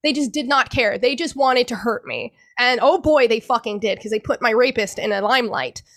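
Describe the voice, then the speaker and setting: Young woman guest, high bright voice, halting, restarts a lot, swears, emotional. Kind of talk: personal account in a podcast interview.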